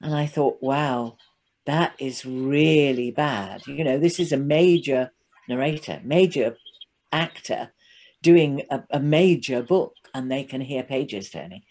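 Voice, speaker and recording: Low-voiced British woman narrator. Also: measured pace, mellow. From United Kingdom. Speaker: guest narrator and coach. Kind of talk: casual chat.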